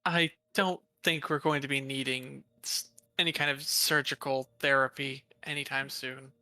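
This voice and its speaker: A man quietly and politely speaking as his character in a tabletop game, measured and careful. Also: medium pitch, level tone, no room sound. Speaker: player.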